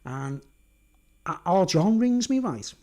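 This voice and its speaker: A man's voice: sits high, big pitch swings, slow pace, a little mellow. A man with a Merseyside accent telling a long story in a casual livestream monologue, stressing his points and checking in with the listener. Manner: emphatic, keeps asking "right?" and "do you understand?". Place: at home.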